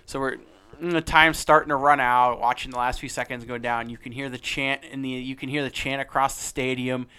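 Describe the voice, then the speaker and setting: A man's voice: medium pitch, fairly even intonation, brisk, pushed and bright, clear, resonant tone. A young man co-hosting a sports podcast, rambling and swearing as he tells a story in casual chat. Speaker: podcast co-host.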